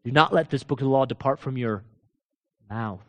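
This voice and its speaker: A man preaching a sermon, asking rhetorical questions and swinging between loud proclaiming and low, quiet emphasis, with casual asides to his listeners. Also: normal speed. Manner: laughs and talks casually to the congregation.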